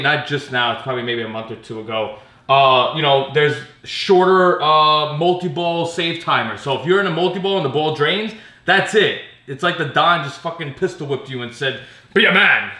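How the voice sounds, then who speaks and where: In a loose pinball vlog, a man rants with sarcasm, swearing and laughing often. His slightly high voice has a bright, forceful quality. A noticeable echo rings through the room around him.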